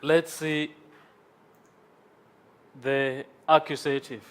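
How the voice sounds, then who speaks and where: Slow, patient man teaching in class. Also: fairly high pitch, little pitch movement, smooth. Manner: patient, repeats forms and checks with "okay?". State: congested from sinus trouble. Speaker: Greek language teacher. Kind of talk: classroom lecture. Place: classroom with a board.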